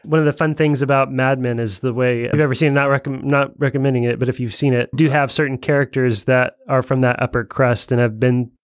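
A man with a mid-pitched voice chats casually about films. He keeps adding asides. The sound is dry and close. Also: steady tone, fast talker, few pauses, no echo. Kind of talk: casual film discussion.

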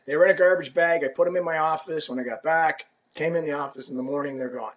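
A man's voice: fairly high pitch, quick pace, a bit bright, rough recording. A man who is a podcast guest, telling a story animatedly and acting out quoted dialogue. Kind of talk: casual storytelling chat.

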